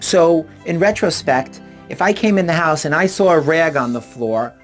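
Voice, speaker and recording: A man's voice: on the high side, normal speed, soft background music. A middle-aged man and author, earnestly retelling personal anecdotes to explain a relationship idea. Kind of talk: personal storytelling and advice talk.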